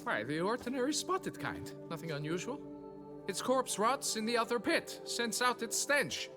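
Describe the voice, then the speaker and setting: An actor playing a flustered, stingy quarry foreman who talks in a fussy, excitable, wheedling way in a video game. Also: very high-pitched, moderate pace, over music. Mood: pleading.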